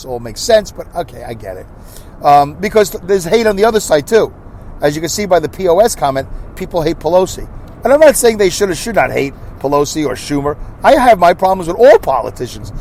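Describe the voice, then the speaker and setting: Rambling, animated middle-aged American man. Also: on the high side, a little hiss or hum. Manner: rambling, conversational, with restarts and asides. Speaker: podcast host. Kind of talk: casual solo monologue.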